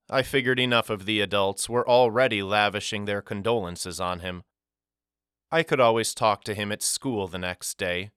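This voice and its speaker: Low, smooth male audiobook narrator. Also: pushed and bright, no room sound, studio quality. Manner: measured, reflective storytelling. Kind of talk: scripted first-person narration.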